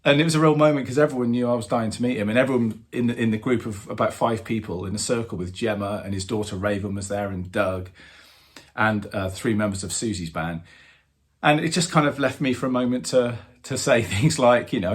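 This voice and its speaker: A man in his fifties, a drummer hosting his own channel, telling a story with animated fan excitement and lots of fillers. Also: on the low side, a little fast. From England. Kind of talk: casual storytelling to camera.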